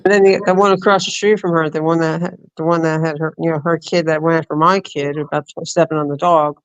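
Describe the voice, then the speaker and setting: A woman from New Jersey hosting a casual late-night chat over an online call, telling stories in quick animated bursts. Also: deep voice, highs cut off. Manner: animated storyteller, rapid bursts. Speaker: host.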